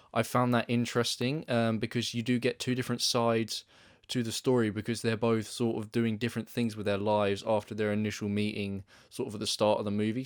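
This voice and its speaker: A young man talks through a film review in a relaxed, meandering way. He keeps restarting his sentences and filling gaps. His voice sits a bit low and sounds dry and close, with no room around it. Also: no echo. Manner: rambling, hesitant, many restarts and fillers. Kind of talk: casual spoken film review.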